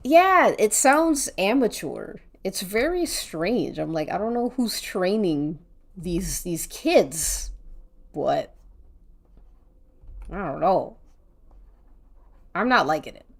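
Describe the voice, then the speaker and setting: Slow, lively-voiced woman chatting on stream. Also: mid-range voice. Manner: rambling, chatty, swears casually, thinks aloud. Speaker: art streamer. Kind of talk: casual chat while drawing on stream.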